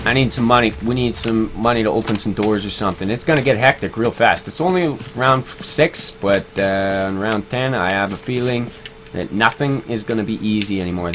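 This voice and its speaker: A man's voice: lowish voice, a bit bright, a little hiss or hum. A man streaming a game live, chatting casually, reading viewer comments aloud and laughing easily. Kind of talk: casual live-stream chat while gaming.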